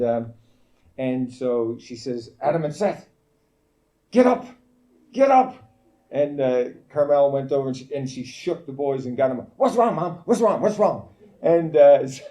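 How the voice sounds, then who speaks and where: A man preaching at a camp meeting, telling a family story in an anecdotal way, full of fillers and restarts. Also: mid-range voice. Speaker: guest preacher. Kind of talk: storytelling sermon. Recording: dull lo-fi recording.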